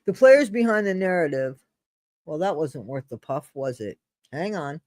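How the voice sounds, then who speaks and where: A woman's voice: sits low, very animated, normal speed, a little mellow, no echo. A woman hosting a casual livestream, reading a blog aloud and answering her live chat in a chatty, apologetic way. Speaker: livestream host. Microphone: streaming setup mic.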